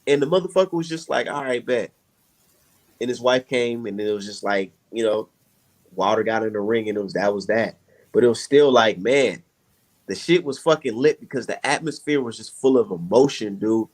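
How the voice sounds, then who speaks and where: Profane, animated storytelling man. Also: fairly low pitch, fairly quick. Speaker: podcast host. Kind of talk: casual chat.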